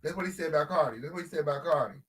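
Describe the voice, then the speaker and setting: A man hosting a reaction commentary, sassy and animated, loud one moment and muttering the next, asking viewers to vote in the chat. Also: rapid-fire, slight background noise. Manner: animated, sassy, swings between loud outbursts and low mutters. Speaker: commentary host. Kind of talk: reaction commentary on a diss track.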